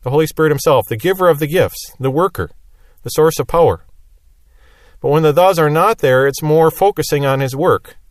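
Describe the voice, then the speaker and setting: A man's voice: on the high side, a little fast, no room sound, clean studio sound. A man teaching a Bible lesson verse by verse, explaining plainly and repeating key phrases.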